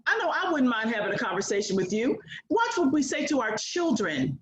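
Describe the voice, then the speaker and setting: A woman's voice: fairly high pitch, big pitch swings, brisk, background noise. Bold older woman speaking in an echoey room. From United States. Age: 60s. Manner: bold, preacher-like, mimics others. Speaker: guest speaker. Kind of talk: motivational speech.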